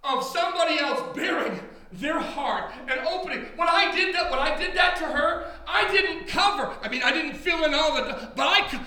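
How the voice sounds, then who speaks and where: A man's voice: very high-pitched, expressive, moderate pace, bright, forceful tone. A man preaching a personal testimony sermon in a church, emphatic, repeating words as he builds. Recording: very echoey hall.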